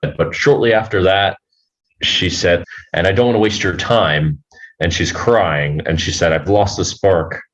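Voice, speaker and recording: Male podcast guest, very low voice, rambling and profane storyteller. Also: a bit bright, dull audio. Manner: rambling, halting, swears freely. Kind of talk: casual storytelling.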